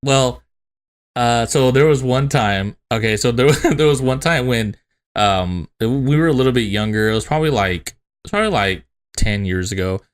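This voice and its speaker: A man's voice: mid-range voice, animated, normal speed, clear, resonant tone. A man co-hosting a podcast, telling funny family stories in a loose, laughing way and acting out the people he quotes. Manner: laughing storyteller, swears freely, acts out quotes. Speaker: podcast co-host. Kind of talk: casual chat.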